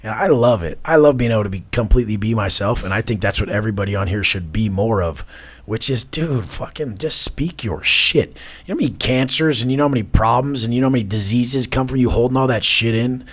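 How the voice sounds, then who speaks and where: A man in his thirties, a guest in an interview, talking bluntly and profanely, mocking people and bursting into loud imitations. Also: mid-range voice, fast talker, breathy edge.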